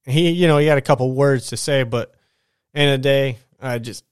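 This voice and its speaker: Hosting his podcast from home as he gets ready for bed, a man recounts a work incident in a casual, rambling, profane and animated manner. His voice is a little high, brisk and clean in tone, recorded at studio quality with no echo.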